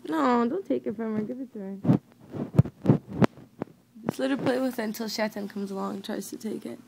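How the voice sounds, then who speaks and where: A woman's voice: fairly high pitch, normal speed, vocal fry, heavy background noise. A woman filming her pets at home, chatting casually and teasing them in a playful way, with bits of baby talk. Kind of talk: casual chat to pets and friends. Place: home room indoors.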